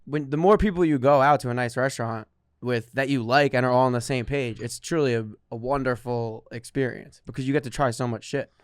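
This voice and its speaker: A young man co-hosting a laid-back comedy podcast, easygoing and quick to laugh as he nudges the conversation along. He speaks at a middle pitch, recorded dry and close. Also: clean tone, no echo. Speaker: podcast co-host. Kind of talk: casual comedic chat.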